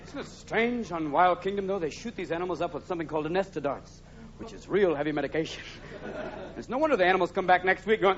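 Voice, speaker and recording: A man performing high-energy stand-up comedy, switching between impressions and shouted bits. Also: lively intonation, fast talker, noisy background. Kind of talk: stand-up comedy with rapid character voices. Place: large live theater with audience. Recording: dull live 1983 recording with loud crowd.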